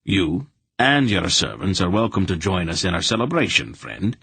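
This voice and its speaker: A stubborn, pious farmer who speaks quietly but will not budge, as a man reads him. The voice is very deep and gravelly, husky rather than clear, heard close and dry. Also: sing-song, moderate pace, no echo, full character voice. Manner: firm, quiet, courteous.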